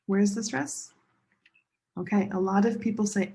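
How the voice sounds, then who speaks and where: A woman teaching a pronunciation lesson, leading learners through slow chanted drills. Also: medium pitch, fairly even intonation, creaky, mellow, husky. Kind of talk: classroom lesson.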